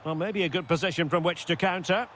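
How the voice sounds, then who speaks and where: An excitable, bright football caller. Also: male voice, high voice, quick pace, a little hiss or hum. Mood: lively. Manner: short calls that rise sharply at chances and goals. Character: excitable male football play-by-play commentator. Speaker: play-by-play football commentator. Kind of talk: video game match commentary.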